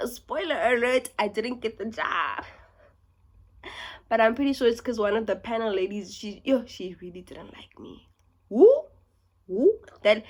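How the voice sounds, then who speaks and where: A young woman from South Africa with a South African accent, telling a story in a casual vlog, talking fast and animated and dropping into whispers. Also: fairly high pitch. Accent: South African English. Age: young adult. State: sick. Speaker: YouTuber.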